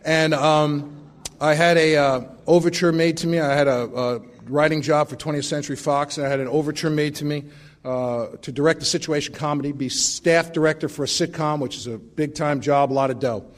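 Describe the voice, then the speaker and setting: A man's voice: fairly high pitch, fairly even intonation, fairly quick. A middle-aged man sharing his recovery story at a meeting, with wry, self-mocking humor.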